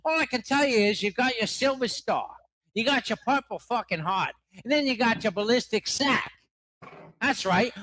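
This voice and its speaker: A man voicing a brash, profane Australian army sniper with a put-on Australian accent, talking loud and boastful. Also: extremely high pitch, dry recording, heavily acted.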